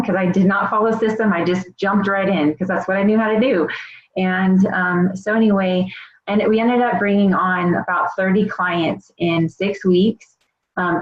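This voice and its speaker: A woman in her thirties tells her own story as a health coach, earnest and rambling, full of "um" and "you know". The recording is slightly muffled and dull. It rings with echo from the room. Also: on the low side. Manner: earnest, rambling, many fillers. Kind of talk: personal testimonial.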